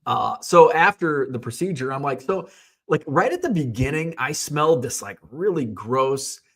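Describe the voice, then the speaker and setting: Slightly high and a bit bright, this man's voice has lively intonation and a normal speed. A hobby vlogger, he rambles casually through a personal story, cursing loosely and acting out exchanges in quoted voices.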